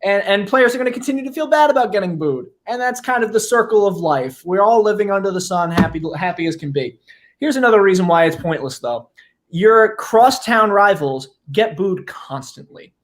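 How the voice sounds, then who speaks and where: A man's voice: high-pitched, lively intonation, moderate pace. A man with a Midwestern accent co-hosting a sports talk show, ranting with passion and sarcasm. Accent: Midwestern American.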